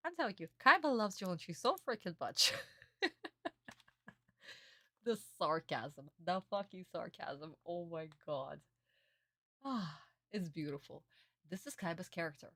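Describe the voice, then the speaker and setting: Young woman streaming reactions, excitable, cusses, kinda low voice. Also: unhurried, pauses often, no room sound, studio quality. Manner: excitable, gushing, swears often.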